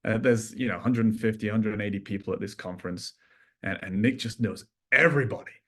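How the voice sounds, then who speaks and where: A man's voice: on the low side, fairly bright tone. A man hosting a casual sales webinar from an office room, upbeat and teasing his co-host. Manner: upbeat, joking, quick to tease.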